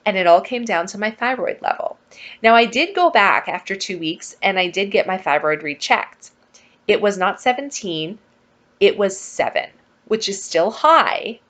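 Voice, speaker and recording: A chatty woman telling a personal story in a casual vlog, acting out the conversations as she goes. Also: mid-range voice. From Saskatchewan, Canada. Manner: chatty, animated, acts out quoted dialogue. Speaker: vlogger.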